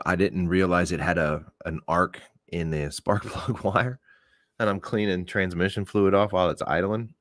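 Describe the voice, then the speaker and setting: A man from Oklahoma with a lowish voice, telling stories to his audience in a loose and cheerfully profane way. His voice jumps high whenever he acts out what people said, and the sound is dry and close. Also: dry recording. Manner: animated, profane, acts out quoted voices with big pitch jumps. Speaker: podcast host. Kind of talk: casual storytelling to a live audience.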